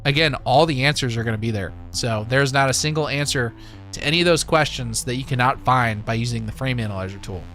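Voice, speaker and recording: Guy hosting a live stream, bright forward voice, chill rambly chatter, faint music behind. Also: medium pitch, fast. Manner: easygoing, rambling, lots of fillers and laughs. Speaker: livestream host. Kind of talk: casual live-stream chat.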